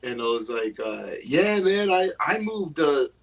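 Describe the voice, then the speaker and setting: A man chats loosely, with filler words between his thoughts. His voice is husky and gravelly and sits back from the microphone. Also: on the high side, big pitch swings, unhurried, far from the mic, rough recording. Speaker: stand-up comedian guest. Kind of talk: casual chat. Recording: voice from further off the mic.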